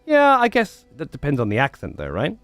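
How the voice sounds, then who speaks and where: A man's voice: a little high, wildly swooping pitch, brisk, a bit bright, no echo, soft background music. A man livestreaming, chatting to viewers in a rambling, profane way and repeating words as he thinks. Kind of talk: casual chat to stream viewers.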